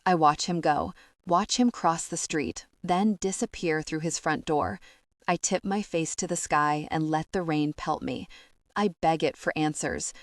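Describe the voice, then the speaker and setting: A woman's voice: low-pitched, unhurried, no room sound, clean studio sound. A woman narrating a first-person romance audiobook with emotional intensity.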